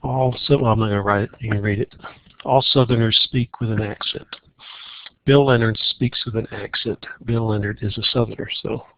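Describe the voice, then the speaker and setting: A man teaching a recorded math lesson on logic problems, walking through each problem in a relaxed way and thinking aloud. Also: fairly low pitch, fast talker, vocal fry, hardly any pauses, highs cut off.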